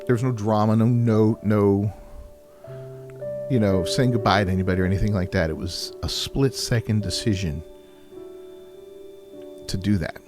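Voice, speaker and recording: A man candidly telling a personal story in a rambling, halting way, with many restarts and "you know"s. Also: lowish voice, fairly even intonation. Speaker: vlogger sharing a personal story. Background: background music.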